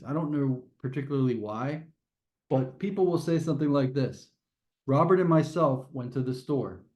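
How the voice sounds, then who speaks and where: A male test prep teacher guides his class through a grammar lesson step by careful step. His voice is mellow and relaxed, pitched slightly high for a man, and he often restarts phrases and tosses questions out to the students.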